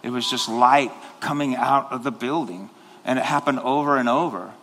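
Bright-voiced preacher man in a reverberant hall. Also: mid-range voice, normal speed, slight background noise. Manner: rambling, with many restarts and sudden passionate rises. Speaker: pastor. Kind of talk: sermon. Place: church sanctuary.

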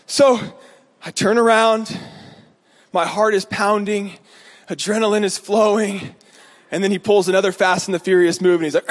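Animated high-voiced male preacher. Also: normal speed, big-room sound. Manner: animated storytelling, acts out voices. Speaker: pastor. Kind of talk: sermon.

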